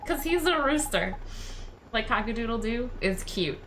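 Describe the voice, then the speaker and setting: A woman's voice: a little high, expressive, moderate pace, a bit bright, a little hiss or hum. A woman streaming a game live, chatting to viewers in a bubbly way.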